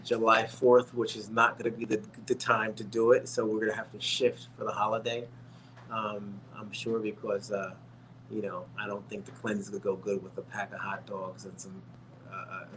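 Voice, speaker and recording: A man's voice: fairly low pitch, flat delivery, normal speed, noisy background. Chatty man hosting a livestream. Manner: rambling, chatty, many fillers and restarts; friendly, addresses viewers as folks. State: a little winded and tired. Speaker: livestream host. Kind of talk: casual livestream chat.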